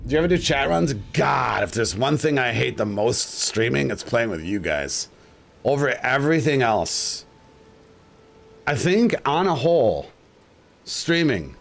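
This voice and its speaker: A man's voice: mid-range voice, big pitch swings, unhurried, gravelly. Blunt, crude-joking male streamer. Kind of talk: casual livestream chat.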